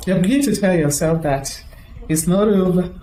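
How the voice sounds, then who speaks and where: A woman's voice: fairly low pitch, moderate pace, dark tone, roomy sound, a little hiss or hum, rough recording. A woman giving a storytelling talk to an audience as a motivational speaker. She chats along and acts out the voices of the people she quotes.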